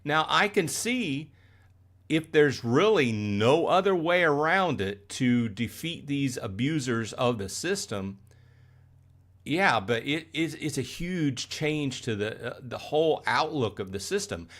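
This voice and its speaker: A man hosts a casual livestream from a home setup. His voice sits in a middle pitch, and he rambles, restarts his sentences and checks in with "okay?" or "right?" He gets fired up as he explains things to his viewers. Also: big pitch swings, slow pace, fairly bright tone. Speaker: livestream host.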